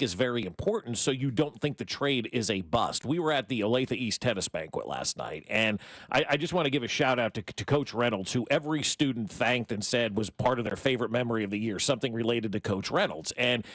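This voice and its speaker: A man's voice: mid-range voice, a bit bright, dry recording. A man co-hosting a sports radio show, telling a story with animation and building to emphatic points. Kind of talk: casual sports talk. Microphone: studio microphone.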